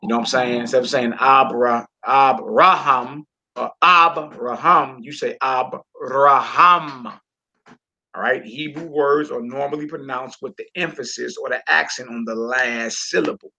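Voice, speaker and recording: A man teaching a casual homeschool Hebrew lesson, slowly drawing out and repeating each word for his students. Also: medium pitch, steady tone, creaky, pushed and bright.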